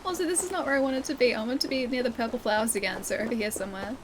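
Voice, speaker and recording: Against a noisy background, a woman with an Australian accent talks rapid-fire in a fairly high voice. She is a livestreamer playing a game live, chatting casually, laughing often and reading chat aloud as she responds.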